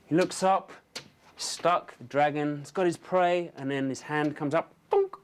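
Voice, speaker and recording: A man pitching storyboards, narrating the action vividly and adding his own sound effects. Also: fairly even intonation, measured pace, clean tone.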